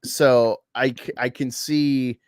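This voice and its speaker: A man's voice: medium pitch, fairly even intonation, slow pace, clear, resonant tone, no room sound, studio quality. A man hosting a casual reaction chat, rambling with many fillers and laughing at his own jokes. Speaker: host.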